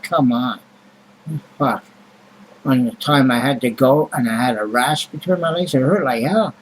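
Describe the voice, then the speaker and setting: A man's voice: fairly high pitch, husky, poor audio. A man vlogging in a rambling, casual monologue, blunt and grumbling, with heavy swearing and many fillers.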